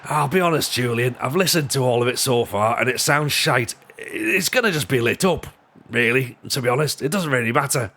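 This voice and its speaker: A man putting on a blunt, deadpan comedy promoter. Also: medium pitch, moderate pace, slight background noise. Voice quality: flat, blunt, deadpan delivery.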